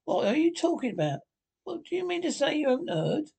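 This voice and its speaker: A man's voice: sits high, normal speed, a little mellow. A man doing an earnest, sensible water rat. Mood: excited. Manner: serious, emphatic telling. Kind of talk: storybook character voice.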